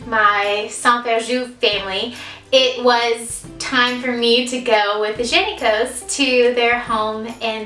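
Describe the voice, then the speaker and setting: A woman in her twenties telling a story in a casual vlog, chatty and giggly and quick to poke fun at herself. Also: on the high side, sharp tone, roomy sound, recorded from a distance, poor audio. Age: 20s. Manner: chatty, giggly, self-deprecating, lots of fillers. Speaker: vlogger.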